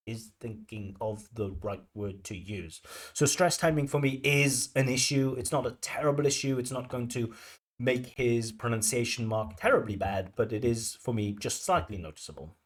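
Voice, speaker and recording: A man working as an IELTS examiner, talking through a recorded speaking test with a chatty, explanatory manner full of fillers. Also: mid-range voice. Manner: explanatory, chatty, many "you know" fillers. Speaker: IELTS examiner giving feedback.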